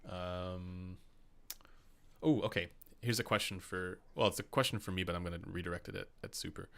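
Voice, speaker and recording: Young Canadian host, low gravelly voice with a bright edge, chatty live-stream talk. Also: male voice, steady tone, moderate pace. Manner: chatty, laughs often, many fillers. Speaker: podcast host. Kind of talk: casual live-stream chat.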